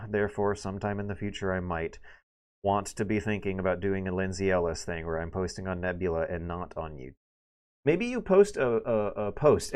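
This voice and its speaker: A man in his thirties talks casually to his livestream chat in a low voice. He rambles through many restarts and fillers. Now and then he breaks into sudden louder bursts. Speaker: streamer.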